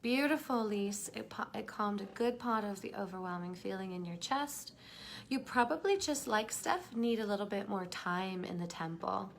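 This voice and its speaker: A woman teaching a live online class, leading a soft, slow guided meditation that drops at times to a whisper, then chatting fondly with the group, her voice gravelly from smoke. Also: medium pitch, a little hiss or hum. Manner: affectionate, calls listeners darlings. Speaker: workshop teacher.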